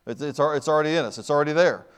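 A middle-aged man preaching with a slightly higher voice than most men. He swings between hushed asides and loud, emphatic bursts, often restarting his sentences as he goes. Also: very fast, clean tone. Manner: dynamic, swings from soft to loud, many restarts. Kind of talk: sermon.

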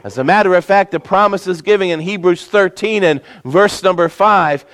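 A man preaching a sermon as pastor, slowing down and leaning hard on key words for emphasis. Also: high voice, a bit bright. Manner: preaching with emphatic, slowed-down stresses.

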